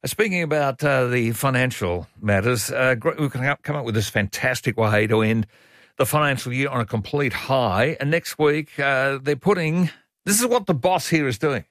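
A man's voice: medium pitch, moderate pace, a bit bright, no room sound, clean studio sound. A man with an Australian accent hosting talk radio, emphatic and blunt, often repeating himself as he airs his opinions. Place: radio studio. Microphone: studio microphone.

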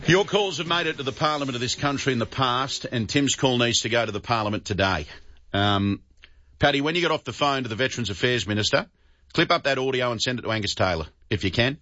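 A man with an Australian accent hosting talkback radio, indignant and forceful, often repeating words. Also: mid-range voice, fast talker, no echo, soft background music. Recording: dull, dry radio broadcast.

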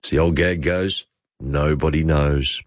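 A man's voice: a bass voice, fairly even intonation, a little slow, dry recording, highs cut off. A man with an Australian accent hosting a talkback radio show, chatting jovially with callers and sharing bits of trivia. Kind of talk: casual talkback radio chat.

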